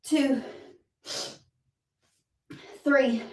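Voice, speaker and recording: A woman's voice: high-pitched, steady tone, very slow, a little mellow. A woman leading a live workout class, counting reps aloud and encouraging the listener while out of breath. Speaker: fitness instructor. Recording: roomy sound, mic at a distance.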